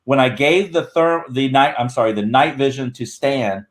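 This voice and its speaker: A man's voice: medium pitch, moderate pace, hardly any pauses. A man talking as a guest in a casual video-call chat, rambling and correcting himself as he tells a story. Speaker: guest, Bigfoot researcher.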